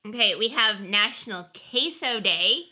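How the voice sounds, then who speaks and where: A woman's voice: mid-range voice, expressive, normal speed, bright, forceful tone. A young woman co-hosting a podcast, upbeat and casual, reading through a list and laughing easily. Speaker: podcast co-host. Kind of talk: casual chat.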